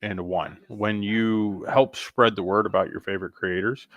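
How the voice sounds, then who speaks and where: Brief: laid-back male host, lowish voice, dry close sound, reads chat aloud. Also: fairly even intonation, normal speed, fairly bright tone, no echo, dull audio. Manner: easygoing, many ums, reads viewer comments. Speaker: host of a comics livestream. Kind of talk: casual livestream chat.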